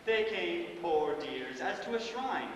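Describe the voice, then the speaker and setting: A boy acting as a flamboyant vain playwright, high voice, affected grand delivery, distant echoey auditorium recording. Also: lively intonation, slow, highs cut off, a little hiss or hum. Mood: grandiose. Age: teen. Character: flamboyant male celebrity playwright, vain and theatrical. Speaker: stage actor. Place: school auditorium stage. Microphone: distant room mic. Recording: echoey school stage from far off.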